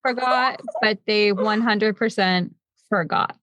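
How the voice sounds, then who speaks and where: A woman hosting a casual podcast chat, telling stories with animated chattiness and frequent filler "like"s. Her voice sits at a middling pitch for a woman. The recording is close and dry, with no room sound. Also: slow pace, dry recording. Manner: chatty, animated storytelling with many "like"s. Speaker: podcast host.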